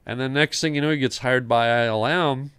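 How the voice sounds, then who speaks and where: A man in his sixties tells a long story in easy conversation and slips into the voices of the people he quotes. His voice is smooth and clear. The sound is close and dry, with no room around it. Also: mid-range voice, brisk, no room sound. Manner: animated storyteller, acts out quoted dialogue. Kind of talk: casual storytelling chat.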